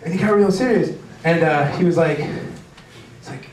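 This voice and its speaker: A young male comedian rambles through a self-deprecating stand-up set, tripping over his own restarts. His voice sits a bit high. It sounds roomy and distant, like a small club taped from the back, with clear room noise behind him. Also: moderate pace. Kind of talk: stand-up routine.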